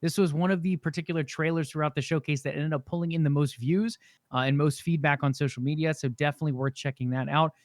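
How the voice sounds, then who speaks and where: A man co-hosting a gaming podcast, giving a steady, informative rundown with some fillers. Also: fairly high pitch, quick pace, no echo, clean studio sound. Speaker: podcast co-host. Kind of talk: casual chat.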